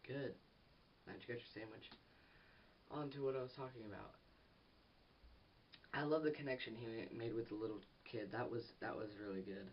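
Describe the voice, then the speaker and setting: A man's voice: medium pitch, normal speed, long pauses. A teenage boy rambling through a lo-fi vlog. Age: teens. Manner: rambling and excitable, with restarts and giggles. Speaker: movie reviewer. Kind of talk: casual film review vlog. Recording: distant, dull lo-fi audio with faint hiss.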